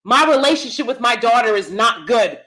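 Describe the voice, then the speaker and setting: A woman's voice: a little high, animated, fairly quick, a bit bright. A woman hosting a commentary vlog, who speaks emphatically and often asks her viewers questions directly. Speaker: channel host; theater actor.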